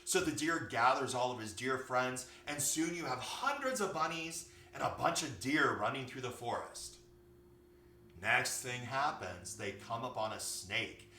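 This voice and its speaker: A man tells a story for children in an animated, expressive way. His voice is bright and swoops through a lively range. He sits far from the mic in an echoey room with a faint hum behind. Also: mid-range voice. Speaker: yoga teacher.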